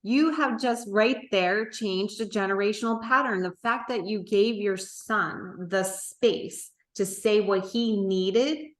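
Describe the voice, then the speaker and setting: A woman's voice: medium pitch, slow, hardly any pauses, reverberant. A woman hosting a podcast who responds emphatically and affirmingly to her guest. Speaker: podcast host. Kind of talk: conversational interview.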